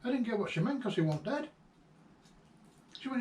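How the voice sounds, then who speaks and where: Halting man, distant and echoey. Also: very high voice, expressive, a little mellow. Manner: halting and reflective, with frequent ums and restarts. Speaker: vlogger remembering a late friend. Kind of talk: casual personal reminiscence. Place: at the friend's old house and garden. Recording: roomy echo, distant mic, faint ambient noise.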